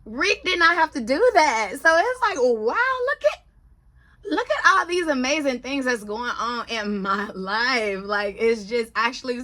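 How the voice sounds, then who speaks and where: Chatty woman with a bright, lively voice. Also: on the high side, unhurried. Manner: chatty, animated storytelling, addresses viewers as y'all. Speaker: vlogger. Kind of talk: casual monthly update vlog.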